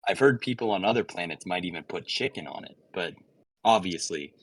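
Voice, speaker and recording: Deep-voiced man rambling in character. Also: animated, brisk, no room sound. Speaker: player. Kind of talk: in-character tabletop role-play.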